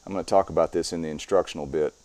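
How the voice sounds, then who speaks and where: Man, very low voice, middle-aged, interview guest, step-by-step demonstrator. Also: steady tone, racing, a little mellow, dry recording. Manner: explains step by step while demonstrating. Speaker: strongman performer and guest. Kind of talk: casual interview talk.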